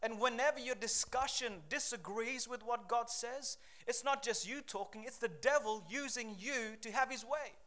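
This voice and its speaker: A man preaching an energetic sermon, reading Bible verses and calling out to the congregation for a response. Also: very high-pitched, moderate pace, hardly any pauses.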